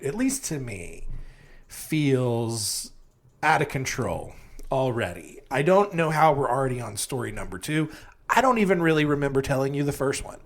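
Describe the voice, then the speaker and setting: A sleepy young man hosting a comedy true-crime podcast, rambling and self-mocking, with sudden jumps in pitch. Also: fairly bright tone. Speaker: podcast host.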